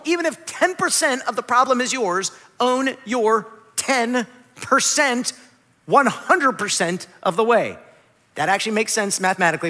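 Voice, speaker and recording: A man in his thirties preaching a sermon as a pastor, lively and emphatic, dropping to soft, quiet asides. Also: high voice, in a large hall.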